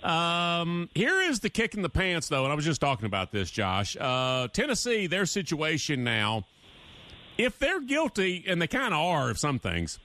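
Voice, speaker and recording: A man hosting a sports talk radio show, talking emphatically. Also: moderate pace. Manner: animated, emphatic, shifts pitch a lot.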